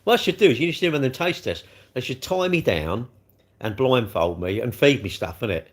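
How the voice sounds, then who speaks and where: A man's voice: medium pitch, big pitch swings, moderate pace. An older man, hosting a casual livestream, chatting in a rambling, blunt way while he answers viewer comments. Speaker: livestream host.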